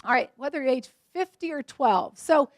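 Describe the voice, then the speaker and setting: Lively woman telling stories at a luncheon. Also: high-pitched, normal speed, no echo. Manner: lively storytelling, acts out quoted voices. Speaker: motivational speaker. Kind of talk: luncheon keynote talk.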